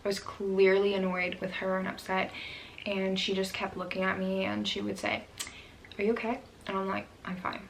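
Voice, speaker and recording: A woman's voice: mid-range voice, completely flat delivery, moderate pace, vocal fry, a little hiss or hum, low-quality recording. A young woman vlogger telling a personal story in a candid, emotional way, with many fillers.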